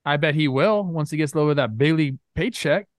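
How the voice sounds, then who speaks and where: A man co-hosting a baseball talk show, chatting in a relaxed, rambling way with plenty of filler words. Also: on the high side, quick pace, dry recording, clean studio sound. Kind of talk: casual sports talk.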